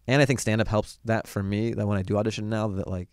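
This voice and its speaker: A comedian guest chats on a podcast in a wry, easygoing way, now and then mimicking other people. His voice sits on the low side. The recording is dry and close to the mic. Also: steady tone, fast talker, dry recording. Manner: wry, acts out mock audition voices. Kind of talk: casual podcast chat. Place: podcast studio.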